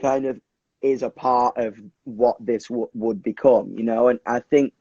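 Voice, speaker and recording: A young British man chats on a livestream, rushing and restarting his sentences and swearing freely. His voice is husky and dry. The audio is dull and lo-fi, like a phone call. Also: mid-range voice, no room sound. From England. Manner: animated, swears a lot, many restarts and fillers. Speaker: musician guest. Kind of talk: casual livestream chat. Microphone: phone on a video call.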